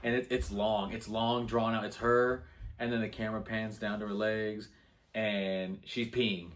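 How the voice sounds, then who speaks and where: A man co-hosting a movie review, calmly retelling the plot in casual chat. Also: lowish voice, measured pace. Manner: laid-back play-by-play recap, acting out lines.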